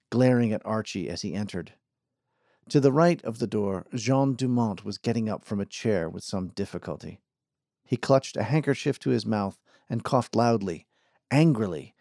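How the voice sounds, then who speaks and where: A man giving measured, scripted audiobook narration. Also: on the low side, dark tone, no echo, studio quality.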